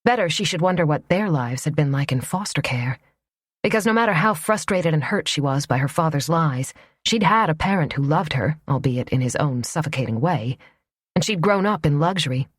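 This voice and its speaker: A woman narrating a romance audiobook in a soft, even storytelling voice. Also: sits low, moderate pace, breathy edge, no echo, clean studio sound.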